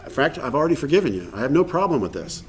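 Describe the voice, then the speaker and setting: A man's voice: mid-range voice, big pitch swings, very fast. A man leading a recovery workshop in a meeting room, talking earnestly and acting out bits of dialogue. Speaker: workshop speaker.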